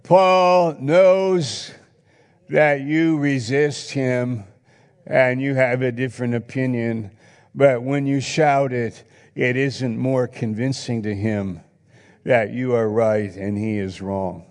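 A man's voice: medium pitch, steady tone, takes it slowly, darkish tone. A male pastor preaching a sermon, earnest and reflective, reading scripture aloud in a church hall. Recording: long reverb in a hall.

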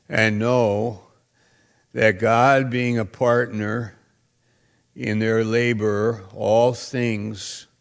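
Male pastor, deliberate slow delivery, gravelly, emphatic sermon style. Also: fairly low pitch. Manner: emphatic preaching, repeats phrases, bursts into shouts.

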